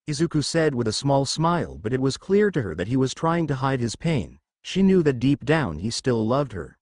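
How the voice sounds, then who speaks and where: A man reading a fan story aloud in an animated storytelling manner on a close mic. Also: medium pitch, moderate pace, hardly any pauses, no echo. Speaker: fanfic narrator.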